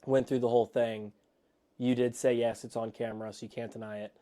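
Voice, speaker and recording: A man co-hosting a podcast, telling an excited, rambling story in casual chat from a home studio. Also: medium pitch, brisk. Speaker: podcast co-host.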